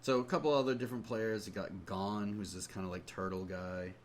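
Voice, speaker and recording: A man co-hosting a podcast, talking through a comic in a relaxed, hesitant way with many fillers. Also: on the low side, brisk, slight background noise. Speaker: podcast co-host. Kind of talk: casual chat about comics.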